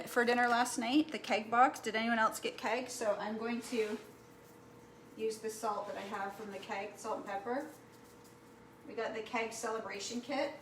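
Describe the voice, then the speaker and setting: A woman's voice: a little high, slight background noise. Chatty woman cooking in an echoey kitchen. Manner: chatty, rambling, frequent "right?" and "like". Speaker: cooking vlogger. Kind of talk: casual chat while cooking. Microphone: camera mic.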